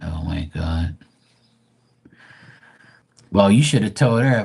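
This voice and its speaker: A man with a somewhat low voice talks loosely to his live-stream viewers. He is crude and boastful, and he rambles along with plenty of "like" and "you know." It is unscripted, casual chat. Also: lively intonation, moderate pace, gravelly, long pauses, darkish tone, husky.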